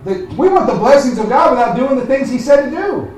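A man preaching as pastor to his congregation. He builds up to loud emphatic points, then drops to a quiet, slow prayer. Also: very high voice, lively intonation, slight background noise. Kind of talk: sermon. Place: church sanctuary. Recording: echoey church room from far off.

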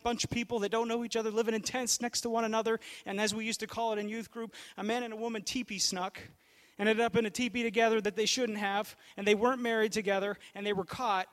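A young man preaching a sermon as pastor, telling the story in a casual way and shifting between loud stretches and hushed ones. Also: sits high.

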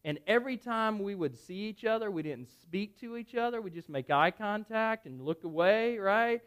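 A pastor speaking from the pulpit in a fairly high voice that swings widely in pitch, rising and dropping as he acts out his story. His delivery is conversational and animated, peppered with self-deprecating asides and quick impressions of the people in it. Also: clear, resonant tone. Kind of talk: sermon storytelling.

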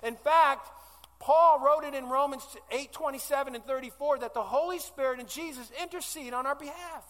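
Brief: man in his 40s, pastor mid-sermon, high and ardent, long church reverb. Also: normal speed. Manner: impassioned, swinging from loud declarations to hushed, tearful-sounding pleas.

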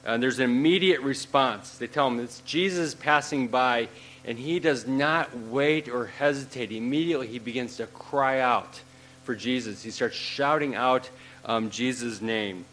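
A man's voice: mid-range voice, unhurried, a bit bright, slight background noise, poor audio. A man preaching a sermon in a conversational way, using many fillers and repeating phrases. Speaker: pastor.

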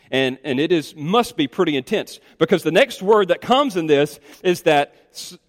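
Animated preacher man in a reverberant hall. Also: high voice, moderate pace, few pauses. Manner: animated, emphatic preaching with sudden drops to quiet asides. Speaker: pastor. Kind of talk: sermon.

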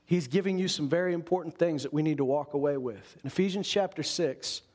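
A man's voice: a little high, brisk, a little mellow. A man preaching a sermon as a pastor, earnest and full of rhetorical questions.

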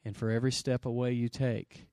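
A man preaching a sermon, calling for amens and swinging from loud exclamations to quiet asides. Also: mid-range voice, little pitch movement, brisk, clear, resonant tone, no room sound, clean studio sound. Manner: calls for audience response. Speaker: pastor.

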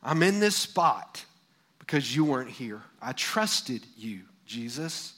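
A grieving woman who pleads and reproaches, voice rising in hurt then sinking low, as a male preacher acts her out. Her words come slow and aching. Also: very animated, a bit bright, full character voice. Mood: grieving, reproachful. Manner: pleading, accusing.

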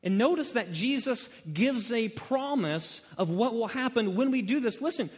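A man preaching an expository sermon, emphatic and repetitive, swinging between loud urgency and hushed earnestness. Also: very high voice, expressive, normal speed, breathy edge. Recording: long hall reverb.

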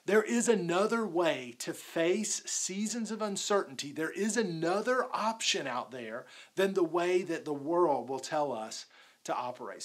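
Male pastor, laid-back talky sermon delivery, relaxed, peppered with "like". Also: high voice. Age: adult, married with a daughter. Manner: casual, conversational preaching with many "like"s.

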